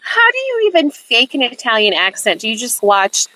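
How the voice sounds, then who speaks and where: A woman from the Midwest co-hosting a podcast, quick-witted and laughing often. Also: fairly high pitch, huge pitch swings, pushed and bright, low-quality recording. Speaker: podcast co-host. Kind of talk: casual chat.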